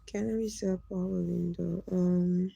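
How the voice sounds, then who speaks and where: Woman streamer, teasing and chatty; gravelly, dark voice, dry close sound. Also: lowish voice, fairly even intonation, slow, no room sound, rough recording. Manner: teasing, chatty, laughs often, greets viewers by name. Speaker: live streamer. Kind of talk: casual live-stream chat reading comments.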